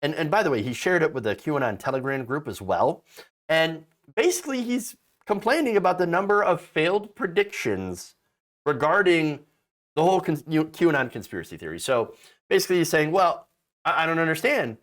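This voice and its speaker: A man's voice: a little high, sing-song, fairly quick. A man hosting casual political commentary, sarcastic and mocking, often restarting and stammering mid-sentence.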